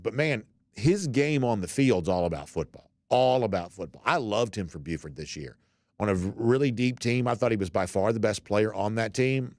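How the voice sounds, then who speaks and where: Low-voiced man in casual sports chat. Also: dry recording, clean studio sound. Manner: relaxed, rambling, many fillers and restarts. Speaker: podcast host. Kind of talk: casual sports talk, reading listener comments.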